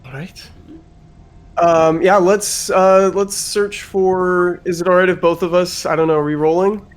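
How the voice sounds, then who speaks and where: A man's voice: high-pitched, little pitch movement, unhurried. A man playing a tabletop game, talking bluntly and arguing in character. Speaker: player. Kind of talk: casual tabletop game play.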